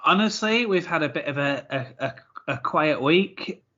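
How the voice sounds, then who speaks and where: A man's voice: a little high, lively intonation, moderate pace, bright, forceful tone, muffled recording. A man, co-hosting a podcast in casual, rambling chat with easy laughs. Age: 30s. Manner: chatty, rambling, laughs easily, repeats words. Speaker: podcast co-host.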